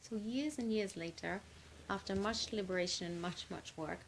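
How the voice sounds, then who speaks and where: A woman's voice: mid-range voice, normal speed, creaky, slight background noise. Playful woman telling a story. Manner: animated, playful, laughing asides. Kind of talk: improvised storytelling.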